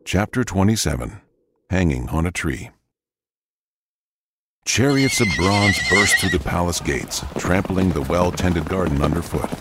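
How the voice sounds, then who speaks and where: A man narrating a biblical audio drama in a grave, measured way. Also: low-pitched, animated, background noise.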